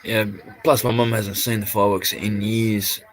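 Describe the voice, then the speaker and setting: Australian man, lowish voice, rambling casual stream chat, easygoing swearing. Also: level tone, moderate pace. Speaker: live streamer.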